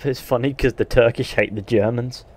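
A man's voice: medium pitch, steady tone, normal speed, darkish tone. A man from England with a mixed Northern, West Country and Midlands accent, chatting bluntly and swearing while streaming a game and reading out viewer comments. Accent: English, Northern and West Country mix with a Midlands sound. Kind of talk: casual live-stream chat while gaming.

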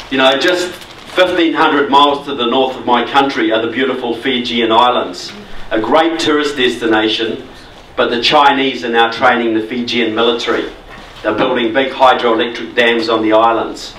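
A man's voice: mid-range voice, fairly even intonation, normal speed, a bit bright. Kiwi guy giving a talk to a crowd, chatty but punchy, echoey hall, mic kinda far off, bit of hiss. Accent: New Zealand. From New Zealand. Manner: conversational, emphatic. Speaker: guest speaker. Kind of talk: public political talk. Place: meeting hall.

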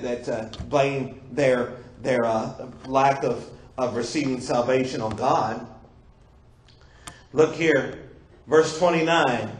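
Echoey, high-voiced male preacher. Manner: preaching with rising exclamations and rhetorical questions. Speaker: pastor. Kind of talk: sermon. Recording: echoey church room.

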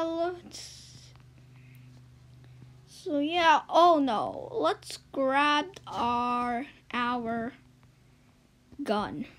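A woman giving let's-play game commentary as a YouTuber, swinging between loud excited yelps and low muttered asides. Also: rough recording. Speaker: gaming YouTuber.

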